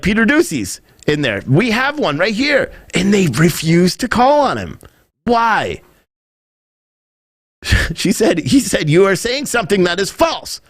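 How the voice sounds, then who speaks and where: A man's voice: high-pitched, fairly bright tone, no room sound, studio quality. A man hosting a podcast, giving rambling, opinionated commentary and mimicking other people when he quotes them. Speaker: podcast host.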